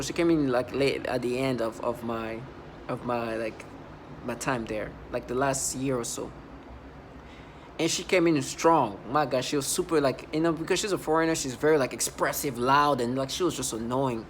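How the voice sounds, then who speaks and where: In a mid-range voice and at a fairly quick clip, an accented male vlogger rambles through a long personal story about his job. He's emphatic and restarts often, and there's a little hiss or hum on the recording.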